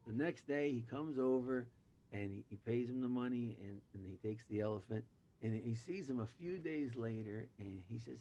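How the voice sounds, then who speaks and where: A man of middle pitch telling a joke with lively energy, slipping into different voices for the people in his story. He comes through a video call, speaking as an invited guest storyteller. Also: normal speed. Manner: animated, shifts voices for quoted characters.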